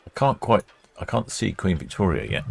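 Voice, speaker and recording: A man's voice: low voice, very animated, normal speed, vocal fry, darkish tone, slightly rough. A man hosting a live ship-watching stream, chatting casually and reading out viewer comments as ships depart port. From England. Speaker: livestream host narrating ship departures. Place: quayside port camera station.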